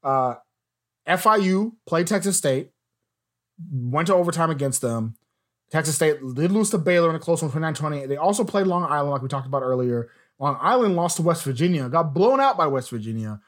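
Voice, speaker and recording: A young man hosting a sports podcast, with a voice pitched a little higher than most men. He talks in a chatty, opinionated way and often lets his voice drop low at the end of a thought. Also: animated, a little fast, a bit bright. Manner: chatty, opinionated, trails off with lowered voice. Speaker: podcast host. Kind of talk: casual sports podcast chat.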